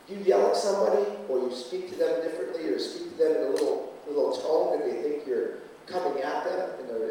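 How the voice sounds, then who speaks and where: A man in his forties gives a punchy motivational speech to a conference crowd, asking them questions as he goes. His voice is mellow and a little high. He is recorded from far back in a big, echoey hall. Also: slight background noise. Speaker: motivational speaker. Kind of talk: motivational speech to a live audience. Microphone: room recording from far off.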